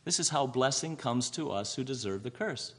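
A man's voice: medium pitch, lively intonation, moderate pace. A man preaching a sermon, asking rhetorical questions and answering them himself.

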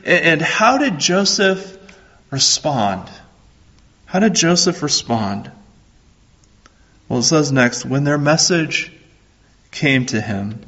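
A man preaching a sermon as a pastor, slow and earnest, repeating his phrases. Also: medium pitch, a bit bright, lo-fi sound.

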